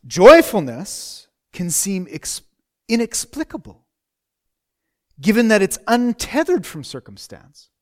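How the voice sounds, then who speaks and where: Conversational preacher man, slightly high voice. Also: huge pitch swings, slow pace. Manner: conversational, repeats phrases, rhetorical questions. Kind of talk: sermon.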